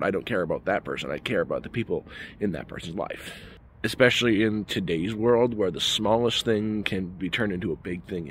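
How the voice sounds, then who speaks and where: Man in a vlog, low voice with big swings in pitch, ranting emphatically. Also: a bit bright, a little hiss or hum. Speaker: vlogger. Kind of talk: casual storytelling rant.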